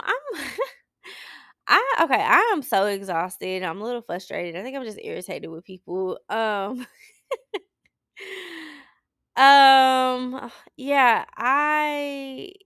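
Candid woman podcaster, gravelly edge. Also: medium pitch, a bit bright, no echo, clean studio sound. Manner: candid, emotional, rambling with restarts. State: tearful. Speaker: podcast host. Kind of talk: personal check-in talk. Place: Saint Louis.

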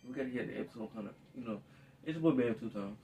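A man's voice: mid-range voice, steady tone, racing, mellow, recorded from a distance, slight background noise. A man co-hosting a podcast, joking around in loose, slangy casual chat. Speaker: podcast co-host.

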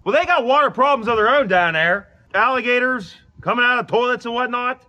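A man playing a gruff middle-aged Pittsburgh dad with a Pittsburgh accent, complaining and sarcastically nagging his family in a comedy clip. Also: very high-pitched, brisk, sharp tone, heavily acted. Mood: grumbling. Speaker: comedy character.

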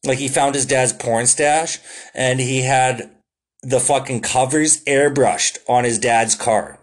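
Young male podcaster, solo rant, profane, excitable, lots of fillers. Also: mid-range voice, slow. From Canada. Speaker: podcast host. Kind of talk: casual solo podcast monologue.

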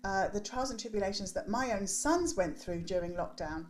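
Her mid-range voice expressive and her speed normal, a forties-aged youth development coach talks on a podcast about working with teens. She's emphatic, even preachy, and keeps punctuating her points with "right?" throughout the animated interview.

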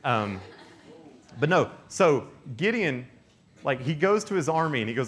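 A man in his thirties, a youth pastor telling a lively camp sermon story full of acted-out voices. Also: on the high side, measured pace, long pauses, breathy edge. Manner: animated, acts out characters, many "like"s.

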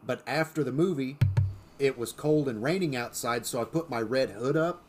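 A man of middle pitch co-hosts a casual podcast conversation. He tells stories loosely, full of "uh"s, "you know"s and restarts. A faint hiss sits under the recording. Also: normal speed, darkish tone. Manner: storytelling, many fillers and restarts. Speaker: podcast co-host. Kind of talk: casual chat.

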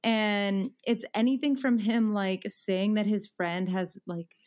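A woman's voice: mid-range voice, fairly even intonation, slow pace, darkish tone. A woman in her thirties talking casually as a podcast guest, rambling with many fillers and frequent laughs.

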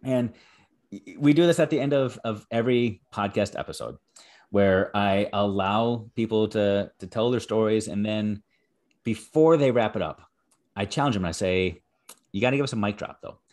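An earnest man hosting an interview podcast, his voice sitting a little low for a man. He talks in a motivational, encouraging way and builds to emphatic praise. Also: moderate pace, a little mellow. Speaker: podcast host.

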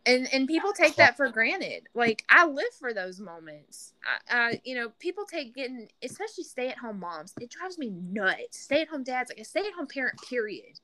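A woman's voice: sits high, sing-song, moderate pace, hardly any pauses, bright, forceful tone. A single mother talking earnestly in a podcast conversation, often restarting her sentences. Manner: earnest, frequent restarts and "you know".

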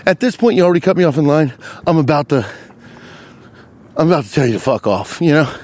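Man, higher voice, very lively pitch, rambling comic storyteller, profane, loud asides, walking outdoors. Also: fast talker. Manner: animated, profane, jumps into loud high asides. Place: outdoors walking beside a lake.

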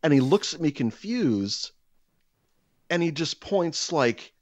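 A man telling a rambling, profane story in casual podcast chat, exasperated and animated. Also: on the high side, slow, no echo.

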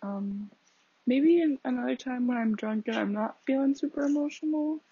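A woman's voice: sits high, moderate pace, dark tone, breathy edge, no room sound. A young woman hosting a casual podcast, rambling chattily with lots of fillers and laughing at herself. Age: young adult. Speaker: podcast host. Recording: dull lo-fi home recording.

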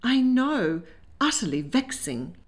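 Lady putting on a worried soft-spoken mom, raised a bit higher, fretful and gentle. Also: very animated, moderate pace. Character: worried middle-aged genteel mother, gentle and conciliatory.

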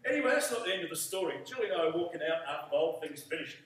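A man's voice: a little high, expressive, racing. A man preaching, telling a story and leading prayer, acting out the dialogue. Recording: echoey room from far off.

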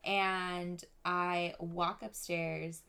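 A woman's voice: lowish voice, extremely slow, vocal fry, smooth. Young woman telling a story, full of swearing. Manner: swearing, animated, filler-heavy "like". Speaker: podcast host. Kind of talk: casual storytelling.

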